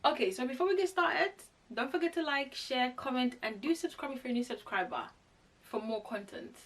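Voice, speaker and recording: A woman's voice: high-pitched, a little fast. Chatty young woman telling a story. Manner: chatty, animated retelling with quoted asides. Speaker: vlogger. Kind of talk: casual storytime chat. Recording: voice a bit far from the mic.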